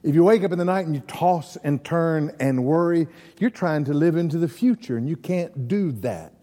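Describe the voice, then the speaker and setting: A man's voice: fairly high pitch, lively intonation, moderate pace, mellow, big-room sound. A man preaching a folksy sermon, telling stories and asking the congregation questions. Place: church.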